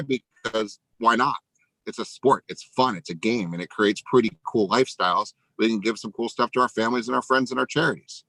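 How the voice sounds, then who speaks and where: A man giving an energetic motivational pep talk as a sales coach, emphatic, tagging lines with "right?". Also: fairly low pitch, no room sound, poor audio.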